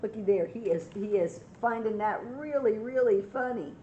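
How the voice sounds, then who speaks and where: An older woman reading a picture book aloud to children, pausing to ask them gentle questions. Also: medium pitch, highs cut off, slight background noise. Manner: gentle, asks young listeners questions.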